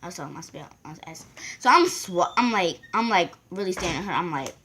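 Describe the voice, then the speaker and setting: A woman's voice: fairly low pitch, animated, fast, a bit bright, slight background noise. Rambling woman telling a storytime. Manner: rambling, acts out quoted voices. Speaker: vlogger. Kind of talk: casual storytime.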